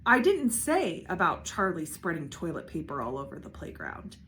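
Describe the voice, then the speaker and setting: A woman voicing an excitable little girl who squeals and shouts in a storybook read-aloud. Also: lowish voice, moderate pace, a little hiss or hum. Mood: squealing.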